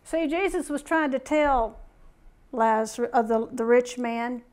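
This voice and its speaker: A woman's voice: a little high, measured pace, darkish tone. A middle-aged woman preaching a conversational sermon, reading scripture aloud and asking the listeners questions.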